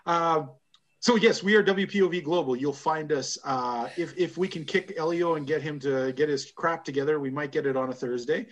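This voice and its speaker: A man's voice: a little high, normal speed, muffled recording. A man hosting a casual wrestling podcast, rambling and laughing often. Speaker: podcast host. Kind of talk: casual chat.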